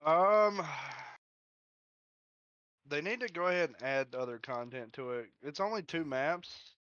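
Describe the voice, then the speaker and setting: A man's voice: on the high side, lively intonation, a little slow, a bit bright, smooth. Easygoing man on a dull lo-fi call. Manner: easygoing, brief replies. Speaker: co-host guest. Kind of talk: casual gaming chat.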